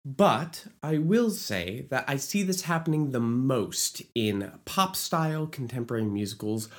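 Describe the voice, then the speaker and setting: An animated explainer voice with a lot of pitch movement, walking through how lyrics fit melodies. Between the teaching points come playful asides and jokes, and the speaker now and then sings a short lyric to show the point. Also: a little slow. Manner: playful asides, jokes about own bad accent. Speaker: musical theater writer teaching lyric writing. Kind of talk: educational video explainer.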